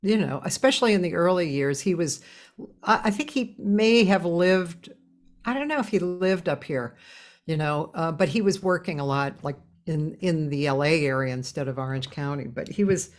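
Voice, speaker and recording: A middle-aged woman hosts a casual chat in a slightly low voice. She rambles on with enthusiasm. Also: moderate pace. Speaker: host.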